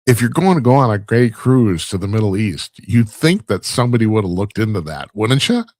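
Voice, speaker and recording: Man, talk show host, rambling monologue, wry, lowish voice, dry studio mic. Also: big pitch swings, fairly quick, a little mellow, no echo. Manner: rambling, wry, laughs at own stumbles. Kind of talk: casual monologue commentary.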